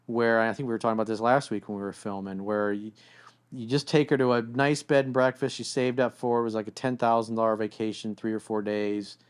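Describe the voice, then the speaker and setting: A relationship coach with a somewhat low voice and a clean tone gives advice a little fast, in a blunt, casual manner. He's animated and often acts out in quoted voices what partners say to each other.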